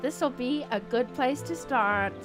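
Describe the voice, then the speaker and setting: A woman's voice: high-pitched, slow pace, loud music behind the voice. A woman reading the lines of a wise, kindly old male wizard from a game, in her own voice without an accent. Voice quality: read plainly without an accent. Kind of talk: reading game dialogue aloud.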